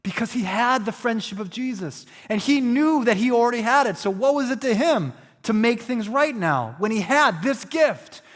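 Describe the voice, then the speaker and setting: A man preaching a sermon as a pastor, animated and playful, acting out quotes and poking fun at himself. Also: extremely high pitch, normal speed, few pauses, big-room sound.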